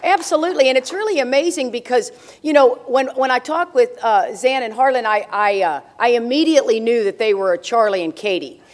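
Speaking fairly quickly in a voice on the high side, an older woman shares humorous stories with an audience at a recovery meeting. Her humor is brash and joking, and laughter comes often.

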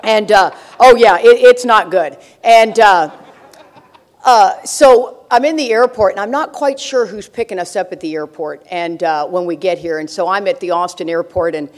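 At a recovery meeting, an older woman with a mid-range voice speaks at normal speed to the audience. Her storytelling is full of brash jokes and frequent laughter.

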